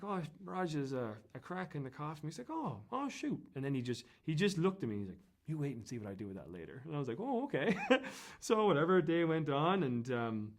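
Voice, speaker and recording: Irish man, interview guest, casual storytelling, rambling, lots of fillers. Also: medium pitch. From Ireland. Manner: rambling, many fillers and restarts.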